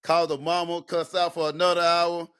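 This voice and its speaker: A man's voice: on the high side, flat delivery, brisk, a bit bright, smooth. A man from Mississippi co-hosting a podcast, rambling casually with many fillers. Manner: rambling, laid-back, filler-heavy. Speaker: podcast co-host. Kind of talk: casual chat.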